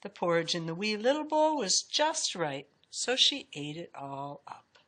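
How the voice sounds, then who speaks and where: Woman reading a kids' story out loud, lowish voice, expressive, swingy delivery. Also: a little slow. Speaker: storybook reader. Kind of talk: reading a children's story aloud.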